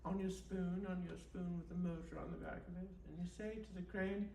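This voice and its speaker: A woman leading an absurd, deadpan guided meditation and chatting with the host at a live bookstore event. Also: on the low side, fairly quick, gravelly. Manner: deadpan absurdist, rambling with fillers. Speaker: guest performer. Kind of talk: comic improvised guided meditation and chat. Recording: roomy and distant, faint background noise.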